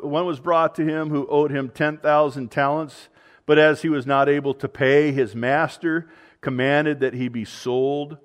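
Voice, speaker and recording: Earnest man preaching a sermon. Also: on the high side. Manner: earnest preaching, swings between loud emphasis and quiet asides. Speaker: pastor.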